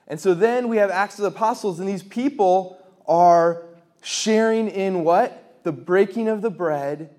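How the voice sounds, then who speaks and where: A man with a somewhat high voice gives a faith talk to a live audience. He tells quick stories, asks rhetorical questions and circles back to repeated refrains with animated emphasis. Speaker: speaker at a faith gathering.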